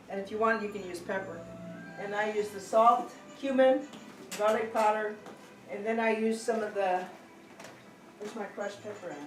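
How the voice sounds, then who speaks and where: Middle-aged home cook, woman, chatty kitchen how-to, mid-pitched, recorded from a distance in an echoey kitchen. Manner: chatty, keeps saying okay, corrects herself mid-sentence. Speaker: home cook teaching a family recipe. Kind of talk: casual cooking demonstration. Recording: echoey room, distant mic, faint hiss.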